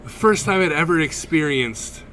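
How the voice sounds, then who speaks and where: A man's voice: on the high side, moderate pace, a little hiss or hum. A man co-hosting a podcast, telling a story in casual chat, full of swearing and laughter. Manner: profane, animated storytelling with laughs. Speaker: podcast co-host.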